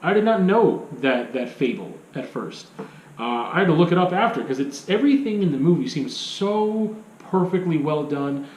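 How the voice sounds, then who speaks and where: A man's voice: a little high, expressive, moderate pace, darkish tone, roomy sound, slight background noise, poor audio. A man giving a casual film review, rambling, with many restarts and rhetorical questions.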